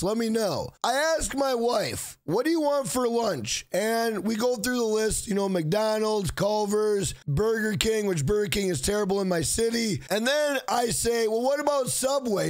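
A man, hosting an exasperated storytime vlog about a bad fast-food visit. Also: sits high. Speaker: channel host.

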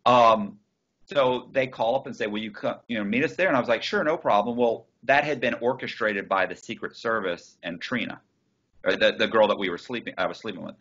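A man tells his story in a loose, casual way. His voice sits low and husky, and he swears freely and restarts his sentences. The sound comes through a muffled, dull video call line. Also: fairly quick, fairly bright tone. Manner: swearing, restarts, quoting others in his telling. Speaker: interview guest.

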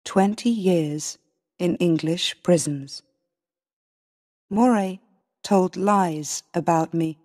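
A woman tells a storybook in the first person, slow and clear with careful pauses. Her tone is mellow and the recording has a long hall reverb. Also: on the low side. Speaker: story narrator. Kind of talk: first-person storybook narration for English learners.

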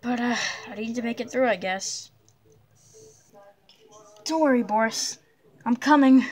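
A woman voicing a jumpy young blocky hero in a cartoon adventure, hesitant, with many nervous pauses and yelps. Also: fairly high pitch, a little mellow.

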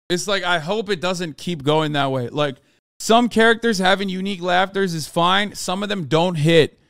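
A man's voice: high-pitched, normal speed, gravelly, fairly bright tone, smooth, no echo, clean studio sound. A man streamer in a casual, profane rant, talking emphatically and sounding exasperated.

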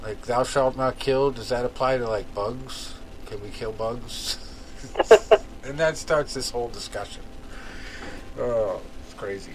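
A man's voice: medium pitch, unhurried, slight background noise, rough recording. A man co-hosting a podcast, telling stories in a rambling, casual way full of "like" and "uh". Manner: rambling, filler-heavy storytelling. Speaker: podcast co-host. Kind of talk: casual chat.

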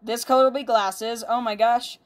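A woman's voice: a little high, steady tone, normal speed. A woman hosting a casual let's-play, talking through the game in a chatty, upbeat way and reading on-screen text aloud, with a child beside her at home. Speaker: gaming channel host.

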